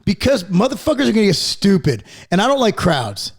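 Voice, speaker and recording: A man's voice: sits high, brisk. A man in his forties hosting a podcast, ranting casually with constant swearing. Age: 40s. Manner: profane, animated ranting. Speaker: podcast host.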